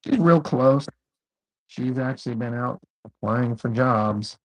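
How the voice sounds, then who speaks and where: A man in relaxed conversation with a slightly husky, breathy voice at an ordinary pitch. He talks loosely and casually and drops swear words without a second thought. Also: slow pace, rough recording. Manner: laid-back, swears freely, tells stories with laughs. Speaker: co-host. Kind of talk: casual chat.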